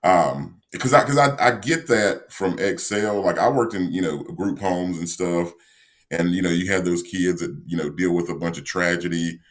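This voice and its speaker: A man co-hosting a sports podcast, talking in a measured, reflective way with frequent fillers. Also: low voice. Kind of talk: casual sports analysis.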